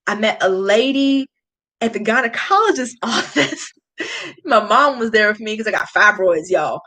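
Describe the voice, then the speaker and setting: Confiding in her live stream viewers and talking right to chat, a YouTube beauty vlogger in her late 20s gets emotional in casual conversation. Her voice sits on the high side, bright and forceful with lively intonation at a moderate pace, and the audio is poor.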